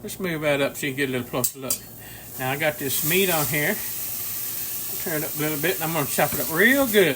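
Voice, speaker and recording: The recording has a noisy background. A man in his sixties, hosting a home cooking channel from his kitchen, chats casually with a voice on the high side, rambling through homespun stories and chuckling often.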